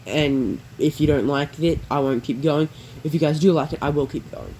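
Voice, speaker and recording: A man's voice: fairly high pitch, steady tone, normal speed, darkish tone, a little hiss or hum, low-quality recording. A man casually narrating a fan-made story, rambling with many fillers and self-corrections.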